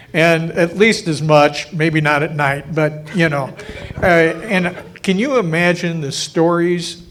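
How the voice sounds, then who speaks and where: A man's voice: on the high side, fairly bright tone. An older man on a panel, telling jokey personal anecdotes and laughing often. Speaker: panel guest. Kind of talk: storytelling at a banquet panel.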